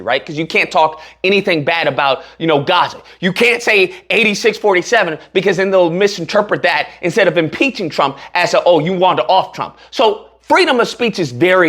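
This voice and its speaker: A man's voice: high voice, bright, forceful tone. A man giving heated, sarcastic political commentary as a channel host, using casual slang.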